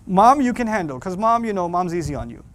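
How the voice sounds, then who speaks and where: A man with a slightly high voice teaches a Quran class to young adults. He talks in a lively, joking way, slipping into voices of parents and teens as he makes his points. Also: fast.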